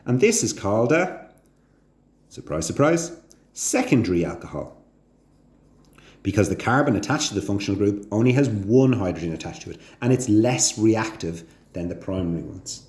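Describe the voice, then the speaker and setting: Male teacher, mellow, echoey. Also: fairly quick, hardly any pauses. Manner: chatty, asks the viewer frequent check questions; rises sharply in pitch on questions. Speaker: chemistry teacher. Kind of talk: casual recorded chemistry lesson. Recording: echoey room sound.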